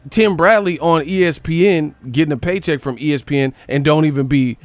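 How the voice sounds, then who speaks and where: A man rants about boxing on a live stream, casual and full of swearing. His voice sits a little high for a man. The sound is dry and close to the mic. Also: brisk, no echo. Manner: profane, ranting, animated.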